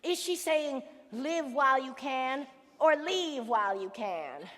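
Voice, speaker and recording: A chatty, lonely man in middle age confides his musings straight to the audience, as a young woman plays him on a school stage. The voice sits fairly high and carries a long hall reverb from the auditorium. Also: expressive, slow, heavy background noise. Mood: wistful. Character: lonely middle-aged male theatre fan, wistful and chatty. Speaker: narrator character. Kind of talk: school stage musical acting.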